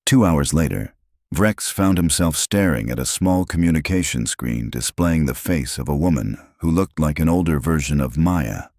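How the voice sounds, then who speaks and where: A man with an extremely deep voice reads a science fiction story in steady, even scripted narration. The sound is dry and close to the mic, with no room around it. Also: normal speed, dry recording.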